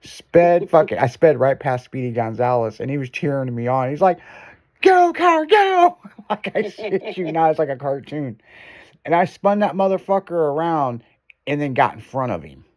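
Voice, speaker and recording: At normal speed and medium pitch, a male host in a laid-back chat delivers a long, foul-mouthed story full of cursing. He tells it with energy, voicing the quotes himself.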